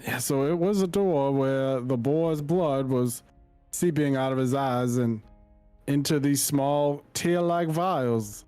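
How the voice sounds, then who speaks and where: A man's voice: mid-range voice, takes it slowly, dark tone, clean tone, dry recording, soft background music, natural voice. A man playing a boastful adventurer who speaks in a grandiose, storytelling way. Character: boastful adventurer, theatrical and long-winded. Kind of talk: tabletop game role-play.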